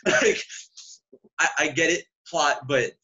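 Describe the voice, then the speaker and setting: A male podcast guest in casual chat, reasoning in a measured, wry way. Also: fairly high pitch, sharp tone. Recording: dull lo-fi sound.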